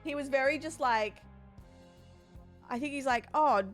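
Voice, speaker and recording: A woman's voice: a bit bright, faint music behind. A young Australian woman streamer chatting casually with her viewers in a bubbly, chatty way. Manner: bubbly and chatty, quick swings up in pitch.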